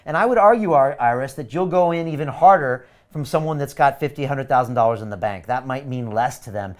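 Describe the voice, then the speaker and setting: A middle-aged man hosting a live webinar, delivering an energetic, pushy sales pitch full of repeated catchphrases. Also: brisk.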